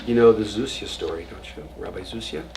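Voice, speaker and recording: Distant rabbi telling stories in class. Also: male voice, low voice, a little fast, gravelly. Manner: storytelling with jokes and acted quotes, dropping to a whisper at times. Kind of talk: informal adult education lecture. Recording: distant mic with audible room noise.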